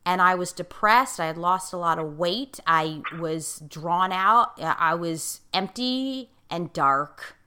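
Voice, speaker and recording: A woman's voice: on the low side, animated, slow pace, few pauses, pushed and bright, clean tone. A woman life coach in casual conversation, speaking emphatically and repeating key phrases for stress. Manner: self-described outspoken, in-your-face talker.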